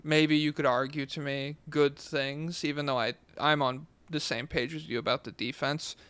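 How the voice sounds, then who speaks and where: A young man co-hosting a casual sports podcast, opinionated and animated, swearing casually as he argues his points. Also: fairly high pitch, normal speed, clear, resonant tone, no room sound. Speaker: podcast co-host.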